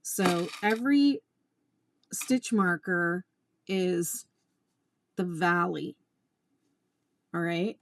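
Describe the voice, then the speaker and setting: A woman teaching crochet in a casual tutorial, chatting with exasperated asides and quietly counting her stitches. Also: on the low side, very slow, long pauses.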